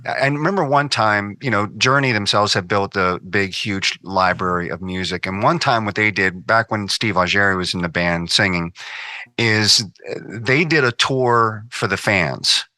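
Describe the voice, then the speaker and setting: A man's voice: on the low side, normal speed, pushed and bright. A man hosting an interview show, chatting enthusiastically like a fan. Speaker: podcast host. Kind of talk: casual interview chat.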